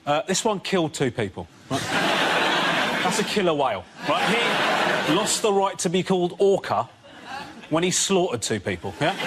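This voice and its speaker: Ranting man over loud background noise. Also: a little high, lively intonation, normal speed. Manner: ranting, exasperated, sarcastic. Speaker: comedian panelist. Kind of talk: stand-up routine on a TV panel show. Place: TV studio.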